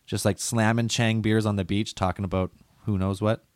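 A young man co-hosts a podcast in loose, rambling banter, swearing without a second thought. His voice sits low and sounds dry and close to the mic. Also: flat delivery, normal speed, dry recording. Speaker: podcast co-host.

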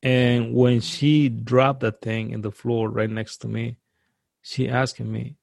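A man who grew up outside the US, earnestly recounting a frightening personal experience as a guest, in a halting way that repeats words and restarts. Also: mid-range voice, flat delivery, vocal fry, a little mellow, no echo. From outside the US, now lives in the US. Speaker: guest telling a personal story.

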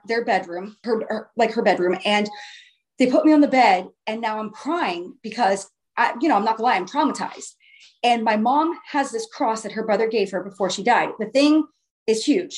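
A woman telling her own story in a casual, earnest way, often restarting her phrases for emphasis. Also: fairly high pitch. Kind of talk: casual first-person storytelling.

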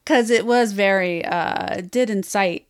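A woman's voice: mid-range voice, unhurried, clean tone. A woman podcast host telling stories expressively, swearing and laughing often. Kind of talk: animated anecdote telling.

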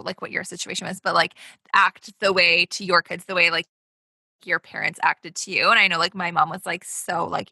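A woman's voice: lowish voice, creaky, pushed and bright, slightly rough, no room sound. A young woman co-hosting a podcast, chatting casually and laughing often, with lots of "like". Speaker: podcast co-host. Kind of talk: casual chat.

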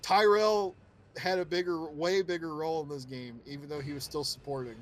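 A man co-hosting a casual podcast chat, excited and profane, laughing often. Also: a little high, fairly quick, slight background noise. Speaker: podcast co-host.

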